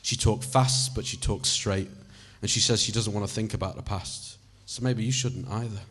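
A man's voice: on the low side, fairly even intonation, moderate pace, fairly bright tone, slightly rough. A man reading a story aloud in the second person, in a conversational style with casual swearing. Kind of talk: audiobook reading.

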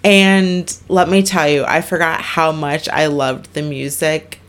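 A woman in her twenties co-hosting a podcast, chatting casually with quick asides and laughs. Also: low voice, steady tone, smooth. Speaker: podcast co-host. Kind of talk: casual chat.

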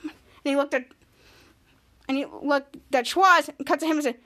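A woman hosting a podcast, recapping a sitcom scene by scene in a casual, halting way with many restarts. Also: sits high, bright, forceful tone. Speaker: podcast host.

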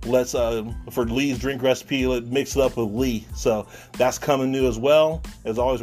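A man's voice: medium pitch, a little mellow. A man giving a podcast's intro, running through the upcoming segments. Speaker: podcast host. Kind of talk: scripted show intro.

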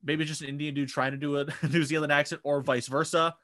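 A man's voice: fairly high pitch, little pitch movement, fairly quick, a bit bright, no echo. Rambling young man, dry close sound. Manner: rambling, lots of fillers and restarts. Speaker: podcast co-host. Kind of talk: casual chat.

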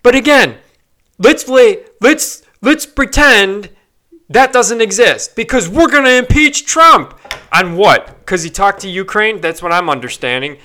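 High, bright, ranting profane man. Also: animated, unhurried. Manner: profane, frustrated ranting with frequent fillers and restarts. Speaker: podcast host. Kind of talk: solo rant podcast.

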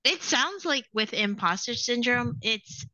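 Slow-talking bright woman host. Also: fairly high pitch, animated, no room sound, dull audio. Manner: supportive listener, frequent short affirmations. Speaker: podcast host. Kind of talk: interview.

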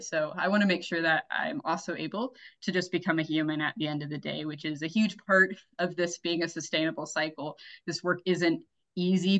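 A young woman, a flight instructor, chatting as a podcast guest in a bubbly, animated way. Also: low-pitched. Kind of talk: casual interview chat. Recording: dull lo-fi audio.

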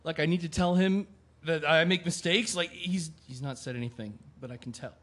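A man doing a sick man, subdued, self-deprecating, quiet inner monologue. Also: on the high side, brisk. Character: ill young man, quietly guilty. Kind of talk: audio drama acting, inner monologue.

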